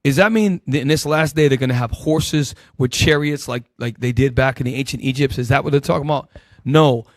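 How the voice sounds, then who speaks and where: Emphatic Bible teacher, dry close sound. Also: male voice, a little fast, no echo. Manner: emphatic, swinging between loud bursts and low asides; calls out verses and directs helpers. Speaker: Bible teacher leading the class. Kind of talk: street-style Bible teaching sermon.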